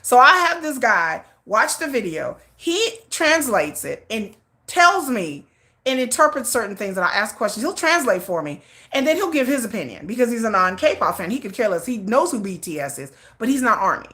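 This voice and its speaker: A middle-aged woman hosting a casual livestream, rambling with restarts and repeats in an animated way. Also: fairly high pitch, moderate pace. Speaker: livestream host.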